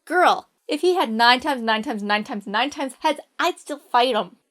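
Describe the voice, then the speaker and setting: A woman's voice: sits high, animated, unhurried, a bit bright. Cocky young male hero, casual bravado, put on by a woman storyteller. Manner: breezy slangy swagger.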